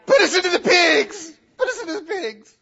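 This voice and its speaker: A man voicing a desperate horde of male demons, shrieking and pleading in a high, frantic voice, on a dull lo-fi recording. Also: lively intonation, normal speed, gravelly, sharp tone, heavily acted.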